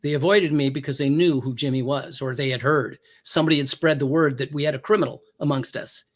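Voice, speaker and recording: A man's voice: fairly high pitch, fairly even intonation, quick pace. A former police officer telling a personal story as a talk show guest, acting out the quoted lines with big jumps in his voice.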